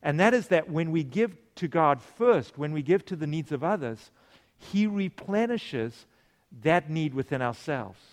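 A man with a somewhat high voice delivers an animated sermon. He asks the congregation questions and briefly plays the people in his stories. His voice carries a long echo through the hall. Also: unhurried. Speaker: preacher.

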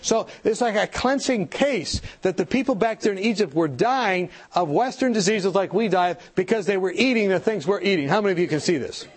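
A man giving an animated church seminar talk, telling stories, acting out the people in them and asking the audience questions. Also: high voice, a little fast, hardly any pauses, breathy edge. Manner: animated storytelling, acts out quoted people. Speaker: health speaker.

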